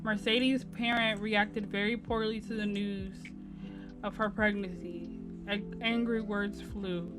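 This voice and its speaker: A young woman giving casual let's-play commentary on a life-sim game, chatty and quick to exclaim. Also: medium pitch, steady tone, music in the background. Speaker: gaming channel host.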